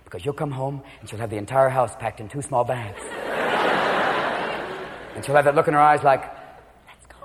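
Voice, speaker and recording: A man performing a manic stand-up routine, jumping into shouted character voices before a live audience. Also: medium pitch, a little fast, long pauses. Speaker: stand-up comedian. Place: large theater stage. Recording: live hall with loud crowd and noise. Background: audience laughter.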